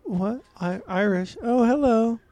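A woman co-hosting a podcast, excitable and joking in casual chat. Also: fairly high pitch, slow pace, dry recording. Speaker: podcast co-host.

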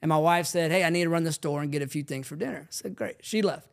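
A man co-hosting a podcast, telling family stories in a lively casual chat. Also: a little high, fast, creaky. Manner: animated storyteller acting out quoted family lines. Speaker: podcast co-host, family ministry leader.

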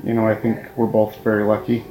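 A groom, a man, talking warmly and hesitantly about his bride-to-be, often restarting his sentences. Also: lowish voice, completely flat delivery, fast talker, a crowd in the background, rough recording. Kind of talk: heartfelt casual talk.

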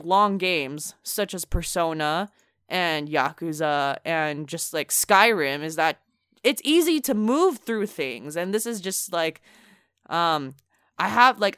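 A woman co-hosting a casual video game chat, talking quickly with lots of fillers and dry sarcasm. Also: on the low side, fairly bright tone, clear, resonant tone, dry recording. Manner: chatty, filler-heavy, sarcastic. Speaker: video game podcast co-host.

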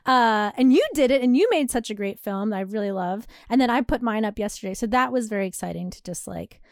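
A woman in her thirties talks with a light, higher voice, swapping stories in a chatty, animated way. The sound is dry and close, with no room around her. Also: quick pace, no room sound. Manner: chatty, animated storytelling with laughs. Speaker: podcast co-host. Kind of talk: casual chat.

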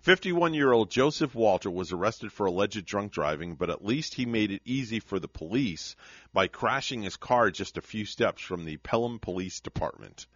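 A male radio host with a low yet animated, bright voice reads quirky news and jokes around with his co-host. The sound is dry and a little dull, with faint music beneath. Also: moderate pace, no echo. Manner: playful, laughs while reading. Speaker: radio morning show host. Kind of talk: casual radio chat and news reading.

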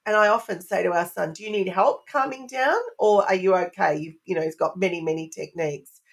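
A woman's voice: fairly low pitch, brisk, gravelly. A middle-aged woman, a parenting expert guest on a podcast, speaking earnestly in lists and repetitions. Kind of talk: podcast interview.

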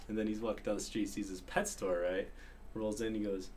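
A man's voice: fairly low pitch, brisk, a little hiss or hum. A man co-hosting a podcast in casual chat, telling long jokes and stories and swearing freely. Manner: storyteller, swears freely, breaks into loud laughter. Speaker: podcast co-host.

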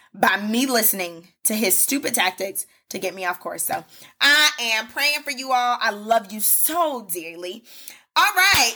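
A woman with a fairly high, bright voice and a forceful tone hosts a solo devotional podcast. She preaches fervently in a repetitive cadence, calling her listeners "baby" and "y'all."

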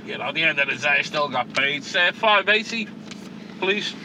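A man's voice: on the high side, normal speed. A man, a taxi driver, telling a story in a casual way, blunt and full of swearing. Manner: swears heavily, blunt and animated. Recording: loud wind and road noise.

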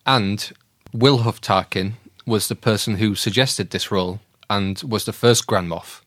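A man's voice: lowish voice, a little slow, fairly bright tone, no room sound, clean studio sound. A man hosting a casual podcast quiz, explaining answers in a teasing way. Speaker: quiz host.

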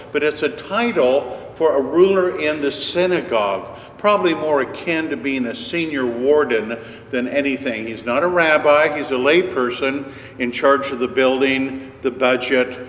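A man preaching a sermon, telling stories in an unhurried, conversational way. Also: mid-range voice, slight background noise. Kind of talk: sermon storytelling. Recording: echoey hall with long reverb.

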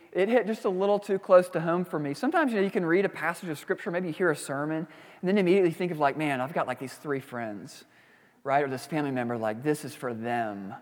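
A man's voice: high-pitched, a bit bright, in a large hall. A man preaching a sermon as a pastor, reading scripture, praying and teaching in a conversational way with frequent asides.

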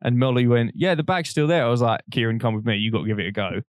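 A man's voice: mid-range voice, lively intonation, quick pace, no room sound. Young man, casual podcast chat, rambling and laughing, dry sound. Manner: rambling anecdote-telling, laughing often, swearing. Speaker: podcast co-host.

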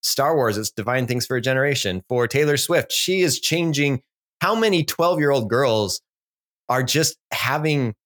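A man's voice: mid-range voice, lively intonation, moderate pace, fairly bright tone. A man in his forties co-hosting a casual podcast, musing reflectively about psychology and culture. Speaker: podcast co-host.

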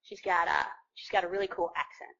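A young woman tells the group at a recovery meeting her own story, joking at her own expense in a chatty way packed with fillers. Her low-sitting voice is brisk, bright and forceful with little pitch movement, on dull audio.

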